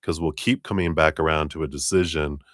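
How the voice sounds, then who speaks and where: A man reading tarot cards on a live stream, talking in a relaxed, meandering way with many fillers and now and then raising his voice to act out spirit voices. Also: a little fast, no room sound, clean studio sound. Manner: acts out spirit voices in a raised pitch, laughs often. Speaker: tarot reader.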